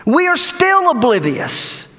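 A male pastor preaching a sermon in a church, animated, with repeated words and rhetorical questions. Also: very high-pitched, slow pace, big-room sound. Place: church sanctuary.

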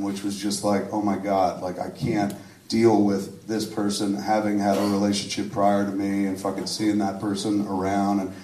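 A low-voiced man tells a rambling, profanity-laced, self-deprecating story to a live audience. He is picked up from a distance, and his voice echoes around the room. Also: darkish tone, slight background noise. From suburban New Jersey. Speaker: filmmaker answering audience questions.

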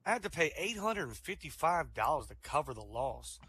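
A middle-aged man telling one-liners as a stand-up comedian on an online voice-chat comedy show, relaxed and chuckling at his own punchlines. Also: a little high, brisk, breathy edge. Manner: laid-back, fills with "you know" and "um", laughs at his own jokes.

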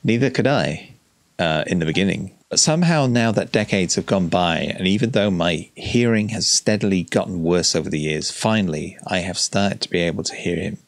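A man's voice: low voice, normal speed, dry recording. A man reading as an old grieving village widow. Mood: wistful.

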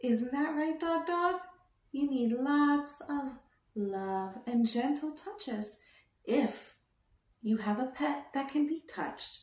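A woman teaching toddlers, speaking slowly in a sing-song, coaxing way and asking them gentle questions. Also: high-pitched, far from the mic. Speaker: children's educator. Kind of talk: toddler lesson with sign language. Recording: roomy echo.

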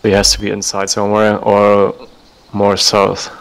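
A man's voice: lowish voice, monotone, measured pace, vocal fry, fairly bright tone, poor audio. A man chatting casually while playing a shooter game with a friend, laid-back and swearing often. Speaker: gamer.

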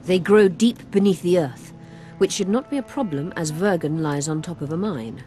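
An actor playing a learned male healer mage who talks in a formal, measured, explanatory way in a fantasy video game. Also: sits high, warm tone, faint music behind, close to an everyday voice.

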